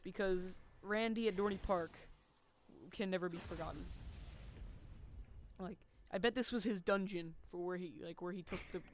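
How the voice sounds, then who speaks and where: High-voiced young man telling a story. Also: moderate pace, slight background noise. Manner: rambling, swears a lot, many "like" fillers. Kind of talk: casual storytelling.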